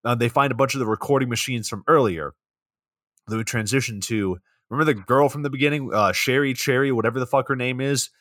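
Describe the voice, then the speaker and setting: A man's voice: medium pitch, fast, fairly bright tone, no room sound, clean studio sound. A young man co-hosting a podcast, recapping a film in a sarcastic, rambling way with plenty of swearing. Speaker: podcast co-host. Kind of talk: casual comedic movie recap.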